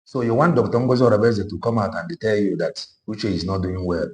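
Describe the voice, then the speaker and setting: A man's voice: fairly low pitch, brisk, a little mellow. A man with a Nigerian Igbo accent giving an impassioned political monologue, moving between Igbo and English with emphatic repetition. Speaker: online political commentator.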